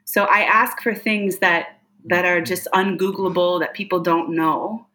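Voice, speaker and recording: A woman's voice: fairly low pitch, fairly even intonation, a little slow, sharp tone. A woman guest, a psychic medium, talking earnestly in a casual interview, with many fillers and laughs.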